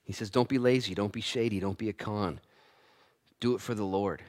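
A man preaching a sermon to a church congregation, swinging from loud, rising calls to hushed asides, with playful humor. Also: lowish voice, fairly quick. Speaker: pastor.

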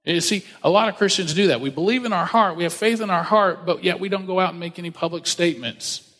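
A man preaching a casual sermon, telling the story with animated asides and acted-out voices. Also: high voice, quick pace. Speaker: pastor. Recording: long hall reverb.

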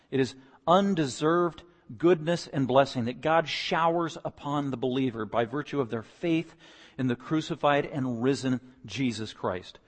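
A male pastor delivering a sermon in an emphatic, rising style, stacking phrase on phrase. His voice sits at an ordinary middle pitch. A long hall reverb trails every line. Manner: emphatic, building to loud repeated declarations.

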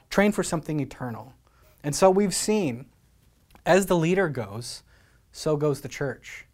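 A man's voice: fairly high pitch, a little mellow. Earnest male pastor preaching. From Scotland. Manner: earnest, exhorting, rhetorical questions. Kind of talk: sermon.

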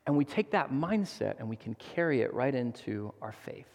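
A man's voice: medium pitch, normal speed. Earnest man preaching in a reverberant hall. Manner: earnest, animated storytelling, frequent restarts. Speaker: guest preacher. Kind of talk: sermon with personal stories.

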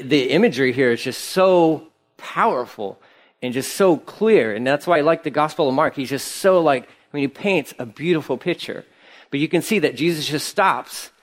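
A man preaching a conversational sermon, telling the story casually and acting out quotes in an animated way. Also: fairly high pitch, moderate pace. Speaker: pastor.

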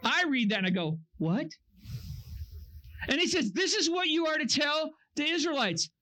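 A camp speaker preaching to young teens, with a high, bright voice. The delivery is lively: the speaker tells the story with energy, acts out the quoted voices, and keeps asking the audience questions. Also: a little fast.

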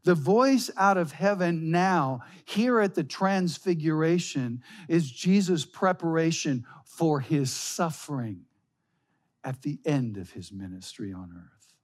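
A man preaching a sermon, slow and emphatic, reading scripture aloud. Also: fairly high pitch, animated. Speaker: pastor.

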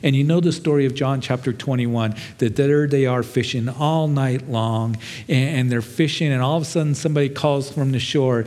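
Conversational pastor in an echoing hall. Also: male voice, mid-range voice, moderate pace, darkish tone. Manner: conversational, self-deprecating storytelling with many fillers. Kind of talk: sermon. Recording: long hall reverb.

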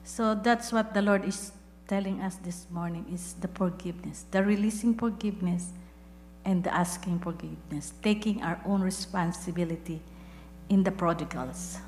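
A woman's voice: on the low side, moderate pace, darkish tone. A woman sharing a personal testimony and leading a fervent prayer in church, speaking earnestly and repeating phrases for emphasis. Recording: echoey hall with faint hum.

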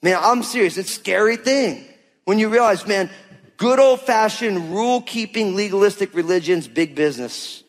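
In a large church hall, where his words echo with long reverb, a pastor with a strikingly high voice gives a sermon at a moderate pace. His manner is conversational and forceful, and he acts out quoted voices for God and for his listeners.

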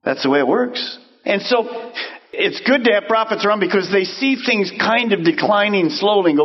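A man preaching a sermon as pastor, animated and acting out quoted voices. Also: high-pitched, a little fast, lo-fi sound.

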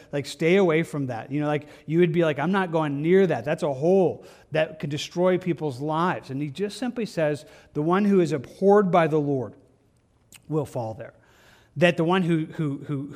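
A man's voice: fairly high pitch, a little mellow. A man teaching through Bible verses in a loose, conversational way, often restarting his sentences. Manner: conversational, halting with frequent restarts and fillers. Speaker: pastor.

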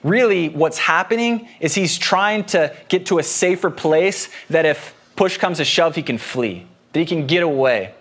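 A man's voice: on the high side, expressive, normal speed, hardly any pauses, a bit bright. A man preaching a sermon as pastor in a conversational way, explaining a passage with homely personal anecdotes.

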